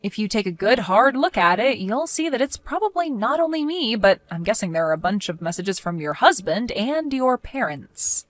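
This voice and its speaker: A woman's voice: mid-range voice, animated, moderate pace, hardly any pauses, fairly bright tone, no echo. A woman narrating a first-person story and speaking firmly, scolding a neighbor. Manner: firm, scolding.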